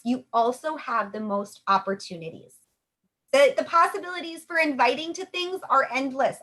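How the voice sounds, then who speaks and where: A woman's voice: a little high, a bit bright. A young adult woman talking from home, coaching in a chatty, upbeat way and acting out sample sales conversations. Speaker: network marketing coach. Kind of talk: casual coaching talk.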